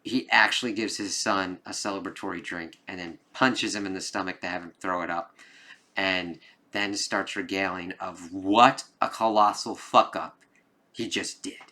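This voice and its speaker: Lowish, forceful man rambling in a film review. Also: fairly even intonation, normal speed. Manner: rambling, with many "like"s and frequent swearing. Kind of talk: casual spoken film review.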